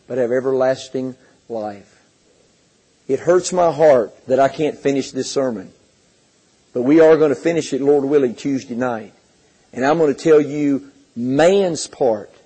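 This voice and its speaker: A man's voice: a little high, darkish tone, breathy edge, low-quality recording. A male preacher giving an impassioned sermon, reading scripture aloud in old King James wording and pressing his points with rising fervor.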